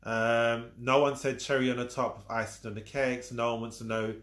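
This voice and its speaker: This time the social media coach speaks with a mid-range, fairly bright voice, a level tone and a moderate pace. He still teaches his live-stream viewers casually and emphatically, repeating points and teasing them, and the recording has a roomy echo.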